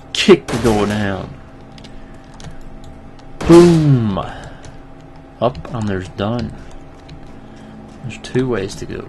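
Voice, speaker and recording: A young man talks his way through a shooter at an unhurried pace, his voice sitting low. He swears and yells at enemies between quieter muttered remarks. A steady hiss of noise runs under the home recording. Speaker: let's play gamer. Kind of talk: casual gameplay commentary. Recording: noisy home mic recording.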